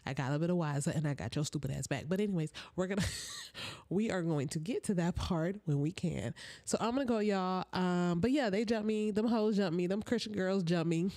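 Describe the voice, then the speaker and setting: Animated woman telling a story. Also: on the low side, brisk, no room sound. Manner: animated and slangy, addresses viewers as y'all and honey. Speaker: storytime livestream host. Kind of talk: casual live storytelling to viewers. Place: at home with her small child.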